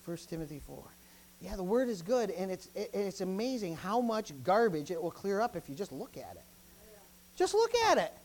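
A man preaches a sermon as a pastor at a moderate pace, and the recording is rough. He is emphatic and repetitive, frequently calling out interjections between his points, and his lively delivery swings from loud bursts to low asides.

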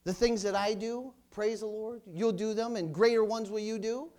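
A male preacher with a strikingly high voice delivers a loud, fiery sermon in a church. He swings into calls of hallelujah and praise the Lord as he drives each point home. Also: steady tone, normal speed. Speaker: pastor.

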